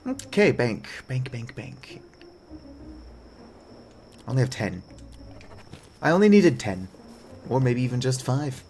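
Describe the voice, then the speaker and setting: A man's voice: medium pitch, big pitch swings, takes it slowly, long pauses, a little mellow, a little hiss or hum. A man giving casual let's-play commentary with wry, self-mocking asides as he reads game text aloud. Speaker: gaming video creator.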